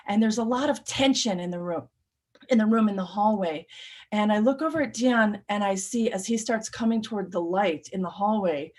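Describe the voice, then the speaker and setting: A woman telling a personal true story on stage, animated and shifting between urgent, louder stretches and hushed, quiet ones. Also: mid-range voice.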